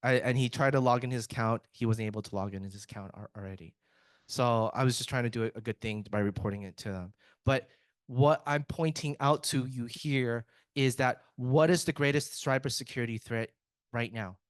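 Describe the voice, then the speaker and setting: A man talks through a tech summit presentation in a loose, joking way, cracking dad jokes and breaking off to restart his sentences. His voice sits in a middle pitch. The sound is dry and close, with little room echo. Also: a little fast. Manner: joking, chatty, self-interrupting with restarts. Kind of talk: casual conference presentation.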